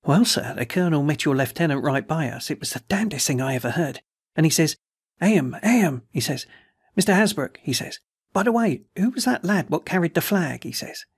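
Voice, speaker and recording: A man plays an eager young soldier in a storybook, rushing through his news and mimicking others' voices. His voice is raised and gravelly. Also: fairly high pitch, lively intonation. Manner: eager, breathless retelling with mimicked quotes.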